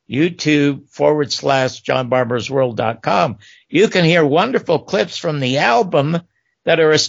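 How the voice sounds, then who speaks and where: An older man, a former talk show host, tells animated stories about his career in an interview and acts out the voices of the people he quotes. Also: a little high, gravelly, dry recording, highs cut off. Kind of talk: storytelling interview.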